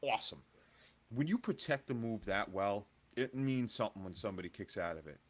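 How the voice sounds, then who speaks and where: A man's voice: lowish voice, lively intonation, fairly quick. A man co-hosting a casual wrestling review podcast, upbeat and joking with plenty of fillers. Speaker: podcast co-host.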